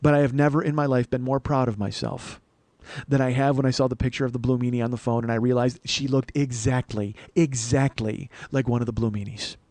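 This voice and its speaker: A man's voice: medium pitch, steady tone, brisk, darkish tone, no echo. A man hosting a comedy podcast, telling a story in a profane, ranting monologue. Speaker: podcast host.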